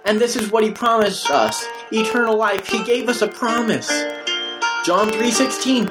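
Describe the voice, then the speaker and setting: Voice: medium pitch, moderate pace, over loud music, rough recording. A preacher giving an emphatic, repetitive sermon in a casual, slangy way.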